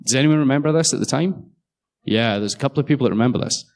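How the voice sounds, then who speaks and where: A man's voice: medium pitch, fast, a little mellow. Jokey man giving a conference talk. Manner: jokey, sarcastic, swears freely. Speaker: conference speaker. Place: conference hall.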